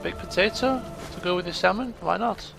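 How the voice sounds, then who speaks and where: A man casually commentating his own gameplay, chatty and self-mocking, getting excitable in the fights. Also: high voice, brisk, creaky. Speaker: let's play gamer. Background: game music.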